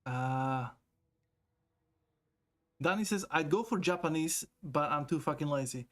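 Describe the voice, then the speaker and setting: A man chatting on a live stream in a loose, rambling way, his voice sitting a little high for a man. He swears freely, laughs often and reads viewers' messages aloud from a desk mic. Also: a little slow, fairly bright tone. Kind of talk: casual live-stream chat.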